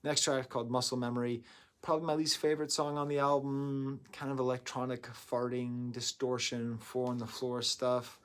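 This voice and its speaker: A man's voice: mid-range voice, normal speed, clean tone. Rambling man reviewing an album. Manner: rambling, excitable asides. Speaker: music reviewer. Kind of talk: casual album review talk.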